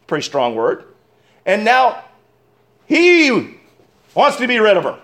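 A man with a high voice preaches a sermon. His delivery swings between sharp, loud emphasis and low, hushed asides, and he keeps turning to his listeners with direct questions. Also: big pitch swings, normal speed. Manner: asks the congregation direct questions. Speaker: pastor.

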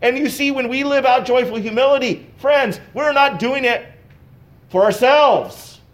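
Guy pastor preaching, kinda high voice, chatty with little laughs. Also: fairly even intonation, normal speed. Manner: conversational preaching with asides and chuckles. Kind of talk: sermon.

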